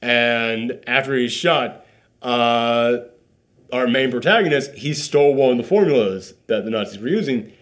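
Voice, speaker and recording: Hosting a casual spoiler review, a man recounts the movie's plot, acting out bits and saying "like" constantly. His storytelling is animated, and his voice is medium-pitched and unhurried.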